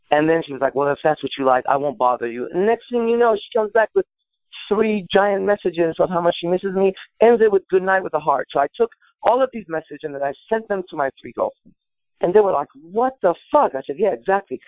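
Brash, swearing man, lively pitch. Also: a little fast, no room sound, lo-fi sound. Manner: boastful, swearing, rambling with filler words. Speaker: panel host answering a listener question. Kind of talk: brash profane casual talk.

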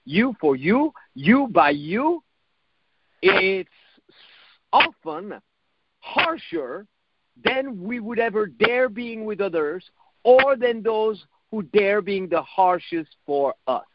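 A man's voice: sits high, expressive, takes it slowly, lo-fi sound, noisy background. A man giving a motivational self-help talk in a reflective coaching manner, repeating phrases and swearing now and then.

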